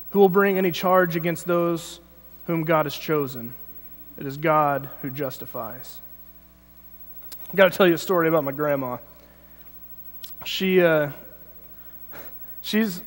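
A young man with a high voice preaches a casual sermon, telling stories with lots of halting restarts and growing animated. His voice rings out with a long reverb in a church hall. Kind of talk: informal sermon with personal story. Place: church sanctuary.

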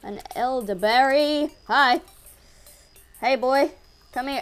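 A woman giving casual let's-play commentary, excitable, yelping at enemies and muttering to herself. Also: mid-range voice, unhurried, soft background music. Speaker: gaming video creator.

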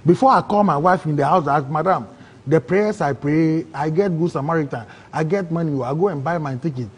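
A man's voice: on the high side, a little fast, slightly rough. A man with a Ghanaian English accent giving an emotional personal testimony as an interview guest, telling his story animatedly and acting out the voices he quotes.

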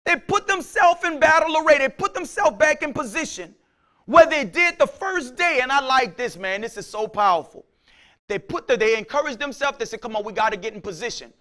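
A man preaching a sermon as pastor, casual in speech, acting out his listeners' voices and swinging from quiet talk to shouts. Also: extremely high pitch, moderate pace.

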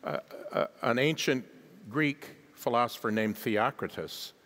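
Male guest preacher, lively rise and fall, urges the congregation to respond, long church reverb. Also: medium pitch, a little slow. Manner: emphatic, calls on the congregation to respond; chuckles at his own asides. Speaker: guest pastor. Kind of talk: sermon. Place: large church sanctuary.

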